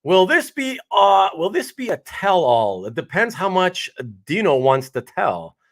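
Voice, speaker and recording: A man's voice: sits high, wildly swooping pitch, measured pace, vocal fry. A man hosting a casual live stream who chats with viewers, reads their names aloud and laughs often. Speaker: host of a live comic art stream.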